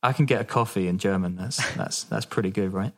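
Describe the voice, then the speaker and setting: A man's voice: sits low, fairly quick, fairly bright tone. A man co-hosting a podcast, telling a story in a laid-back, casual way, laughing often and swearing now and then. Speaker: podcast co-host.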